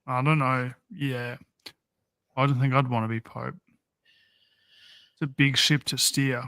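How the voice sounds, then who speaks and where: A man with a mid-range voice co-hosts a podcast in relaxed, casual chat. He answers with short reactions and asks easy questions. The sound is dry and close. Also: mid-range voice, a little slow, no room sound. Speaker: podcast co-host.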